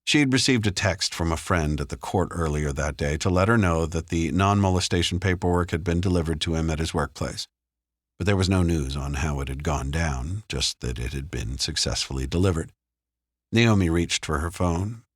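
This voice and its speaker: A man narrating a thriller audiobook in a measured, even storytelling manner. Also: a bass voice, no echo. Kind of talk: scripted narration. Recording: dry close studio sound.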